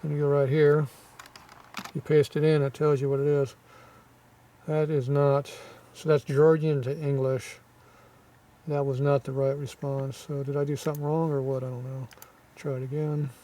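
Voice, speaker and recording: Gruff man with a scratchy throat. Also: fairly high pitch, level tone, normal speed, dark tone, recorded from a distance. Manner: gruff, offhand, muttering asides. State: scratchy throat, frequent throat clearing. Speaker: channel host reading viewer comments. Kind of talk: casual rambling commentary.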